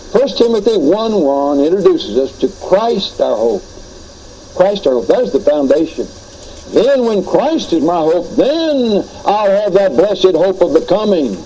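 A man delivers a teaching sermon in an earnest, explaining manner, his voice mellow and a touch higher than most men's. A faint hiss sits under the recording. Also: low-quality recording. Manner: earnest, teaching with asides and retold anecdotes. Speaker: preacher. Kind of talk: sermon lecture on doctrine.

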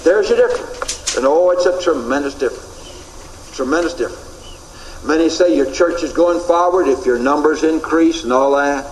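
A man's voice: on the high side, moderate pace, slight background noise. A man teaching a classroom Bible lecture in an earnest way, repeating his key points for emphasis. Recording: echoey room recording.

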